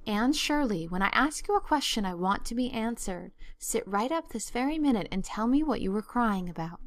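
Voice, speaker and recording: A woman voicing a stern, brisk older woman guardian who speaks in a sharp, clipped, no-nonsense way. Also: on the high side, expressive, dry recording, natural voice.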